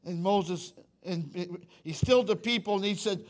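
A man's voice: high-pitched, a little slow. A man preaching a sermon in church, emphatic and repetitive, often questioning the congregation. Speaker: pastor.

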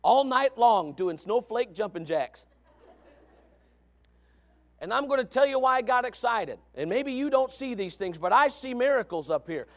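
Impassioned high-voiced male preacher. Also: expressive, normal speed. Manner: impassioned preaching, swings from quiet to shouting; folksy, repeats phrases. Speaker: pastor. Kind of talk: sermon.

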